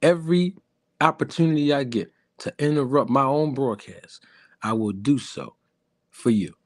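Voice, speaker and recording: A man putting on a soft, smooth crooner voice to address the women watching his live stream. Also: dry recording, studio quality, lightly acted. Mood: smooth, courtly. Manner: soft, slow, low and suave. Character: smooth-talking male crooner charming the ladies.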